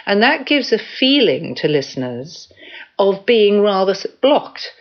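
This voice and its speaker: A woman voice coach explaining things calmly in a radio interview, giving spoken examples as she goes. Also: medium pitch, normal speed, breathy edge, lo-fi sound.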